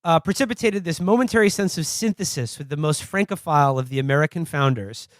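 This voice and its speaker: A man's voice: a little high, fast, no room sound, studio quality. A man co-hosting a podcast in casual chat, reading out an article and mocking it sardonically. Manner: sardonic, reads quotes aloud and mocks them. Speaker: podcast co-host.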